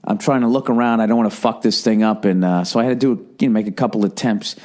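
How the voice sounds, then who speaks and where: This middle-aged podcast host has a Boston accent and a lowish, darkish voice that stays steady at a quick pace. He tells a story on his own show in a rambling, profane, casual monologue.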